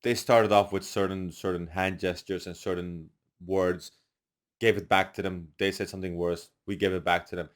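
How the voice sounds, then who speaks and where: On a podcast, a young male guest speaks in a low-pitched voice at a moderate pace. He recounts stories in a relaxed but animated way, loudly playing out the lines of the people involved.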